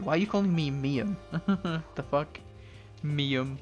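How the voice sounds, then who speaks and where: A man's voice: fairly high pitch, takes it slowly, lo-fi sound, soft background music. A man live-streaming a game, chatting casually with his viewers and swearing freely. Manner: casual, swearing, talks to chat. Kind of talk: live gameplay commentary.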